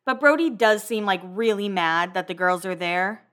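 A woman's voice: mid-range voice, normal speed, fairly bright tone. A woman hosting a casual recap of TV episodes, chatty and full of "like" fillers.

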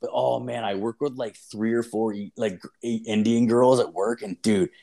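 A man's voice: lowish voice, steady tone, normal speed, creaky, dark tone. A man in loose, casual conversation. He swears freely and strings his thoughts together with endless "like"s. His delivery is rambling and unpolished. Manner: crude, profane storytelling with frequent fillers. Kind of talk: casual chat.

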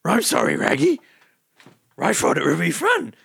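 Man doing a high drawling Shaggy. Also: huge pitch swings, moderate pace, creaky, fairly bright tone, husky, no room sound, exaggerated voice. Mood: goofy. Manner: drawling, surfer-style slang. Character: laid-back cartoon stoner teen guy.

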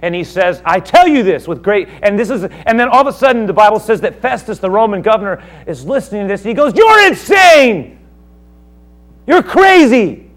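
A man's voice: high voice, animated, fast, few pauses. Man preaching a dramatic sermon. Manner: dramatic, acts out the speakers of his text with sudden loud outbursts. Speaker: pastor.

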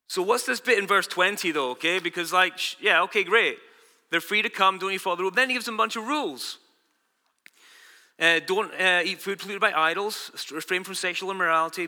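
A man preaching a sermon in a conversational, emphatic way, moving between loud declarations and hushed asides. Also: a little high, in a large hall. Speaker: pastor.

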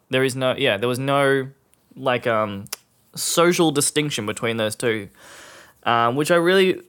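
A young man with an Australian accent talks through a loose solo podcast episode. His speech is casual and sweary, full of fillers, restarts and quick laughs, at a medium pitch for a man. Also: lively intonation, fairly bright tone. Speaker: podcast host.

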